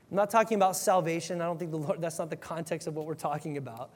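A man's voice: fairly high pitch, fast. A male pastor giving an earnest, conversational sermon, often restarting his sentences. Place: church sanctuary. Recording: long hall reverb.

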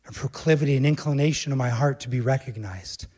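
Speaking quickly, a male preacher delivers an emphatic sermon straight to the congregation, moving back and forth between quiet, low stretches and loud, urgent ones.

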